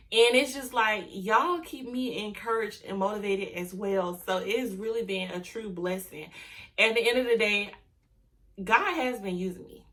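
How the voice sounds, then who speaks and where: A woman running an online business, talking to camera casually, heartfelt and grateful, emotional and close to tears, speaking warmly to her viewers. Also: medium pitch, steady tone, normal speed. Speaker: online business owner and YouTuber.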